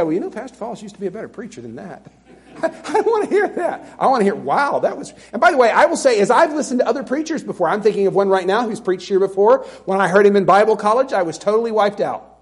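A middle-aged pastor from Alabama preaches in a loose, conversational way and pokes fun at himself. His voice sits fairly high for a man. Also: animated, fast talker. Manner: conversational, self-deprecating, with laughing asides. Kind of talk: sermon.

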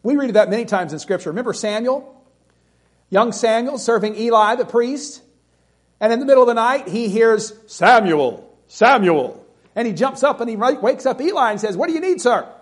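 A man's voice: very high voice, a little fast. A man preaching a sermon, reading scripture and pleading earnestly with his listeners. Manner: earnest, pleading, reads scripture in King James wording.

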